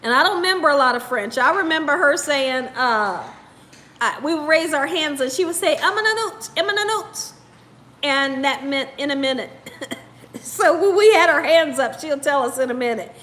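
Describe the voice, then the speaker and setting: A woman's voice: sits high, normal speed, fairly bright tone. A woman hosting a live cooking stream, chatting casually with viewers, laughing often and sounding tired. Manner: giggly, laughs often while reading comments. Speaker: cooking show host.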